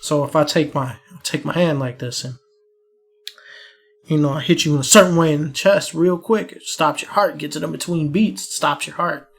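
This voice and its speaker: A man's voice: on the high side, normal speed, gravelly. A young man co-hosting a podcast, telling a profane, laughing story about a bar prank while suffering from allergies. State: allergies, swollen eyes. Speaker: podcast co-host. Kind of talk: casual storytelling chat.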